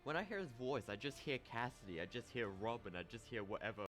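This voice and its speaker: A man's voice: mid-range voice, very animated, a bit bright. A man narrating a scripted, opinionated ranking of actors over music. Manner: brisk, opinionated.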